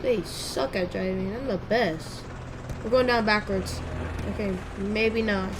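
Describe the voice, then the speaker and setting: A woman's voice: medium pitch, measured pace, noisy background. A young woman giving casual, rambling commentary while playing a driving game, yelping and shrieking at the crashes. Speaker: gamer.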